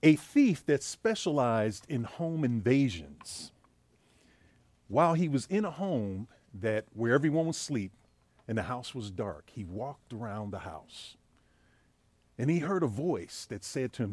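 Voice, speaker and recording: A man's voice: mid-range voice, lively intonation, moderate pace, darkish tone, dry recording. A man preaching as a pastor, telling a joke story in a casual storytelling way before moving into the sermon. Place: church.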